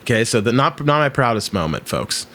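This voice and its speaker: Animated male podcast host. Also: medium pitch, a little fast. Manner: animated storyteller, acts out quotes loudly. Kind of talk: casual conversation.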